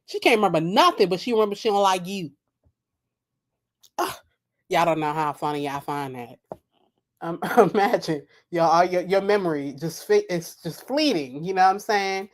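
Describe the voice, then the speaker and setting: A woman's voice: lowish voice, animated, moderate pace. A woman streaming live at night and making mocking, rambling, profane comments about a video while she laughs at her own jokes.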